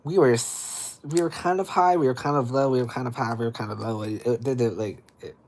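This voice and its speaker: A livestream host telling a story in an animated, dramatic way, with sudden squeaky high exclamations. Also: male voice, a little fast. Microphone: streaming setup.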